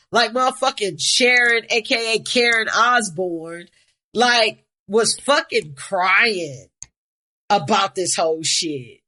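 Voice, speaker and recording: A woman's voice: medium pitch, pushed and bright. A woman co-hosting a podcast in casual, profane chat, blunt and rambling. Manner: blunt, rambling, swears freely. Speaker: podcast co-host.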